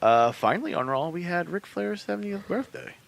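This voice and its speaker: A man co-hosting a podcast in casual chat, giving animated, joking recaps. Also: high-pitched, fairly quick, vocal fry. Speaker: podcast co-host.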